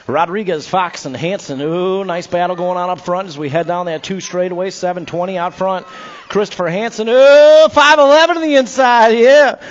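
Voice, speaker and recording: A man calls BMX races live from a tower at an outdoor track, energetic and full of playful nicknames for the riders. His voice sits high. The recording sounds a little dull and muffled. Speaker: BMX race track announcer. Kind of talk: live race commentary.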